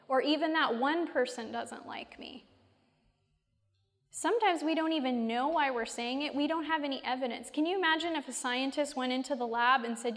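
A woman's voice: high-pitched, normal speed, fairly bright tone, big-room sound. A woman giving a faith-based teaching talk, conversational and full of rhetorical questions aimed at her listeners.

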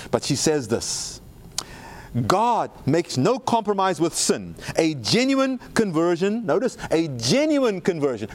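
A man preaching a sermon, asking the audience questions and slowing down to read quotes with emphasis. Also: high voice, darkish tone.

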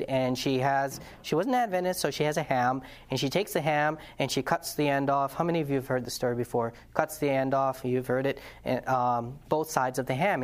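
A man's voice: mid-range voice, clean tone. Passionate, earnest male preacher. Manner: passionate, earnest, asks the audience questions; conversational storytelling with restarts. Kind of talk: sermon-style lesson to a congregation.

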